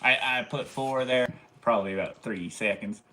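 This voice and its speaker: A man's voice: mid-range voice, normal speed, bright, forceful tone, a little hiss or hum. A man joining a livestream as a guest, bantering and cracking jokes. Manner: joking banter. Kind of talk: casual livestream chat.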